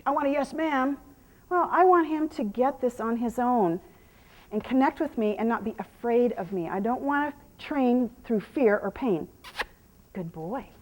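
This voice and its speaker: A woman's voice: fairly high pitch, lively intonation, measured pace. Soothing woman training a horse. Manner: soothing, praising the horse with soft murmurs. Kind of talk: hands-on training demonstration.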